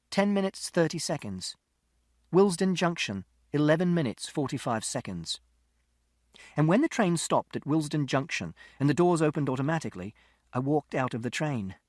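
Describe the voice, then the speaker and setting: A man's voice: fairly high pitch, animated, moderate pace, no room sound, clean studio sound. A man narrating an audiobook in the first person, with a precise, literal, methodical delivery.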